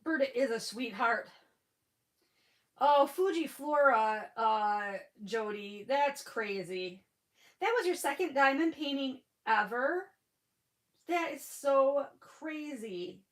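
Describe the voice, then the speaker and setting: A woman's voice: high-pitched, animated, slow pace, low-quality recording. A middle-aged woman, chatting casually with viewers on a craft livestream, gushing and answering comments by name. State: sniffling after crying. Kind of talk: casual live-stream chat with viewers.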